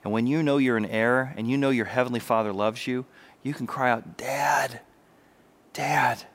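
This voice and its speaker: Male pastor, mid-pitched, energetic sermon delivery with hushed intimate moments. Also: fast. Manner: animated preaching, drops to soft intimate voice.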